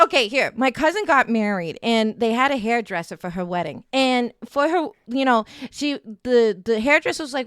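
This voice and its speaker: A woman's voice: on the high side, normal speed, few pauses, no echo, clean studio sound. A woman hosting a charity stream, telling family stories in casual chat, laughing often and restarting her sentences. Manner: animated storytelling, frequent laughter, many restarts. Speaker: streamer host.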